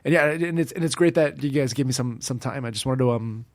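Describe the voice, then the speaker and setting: A man's voice: medium pitch, fast talker, no room sound. A man chatting casually as a guest on a podcast, rambling through his thoughts with constant fillers and restarts. His voice sits in a middle register and sounds dry and close, with almost no room around it. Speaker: podcast guest, music producer. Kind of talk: casual chat.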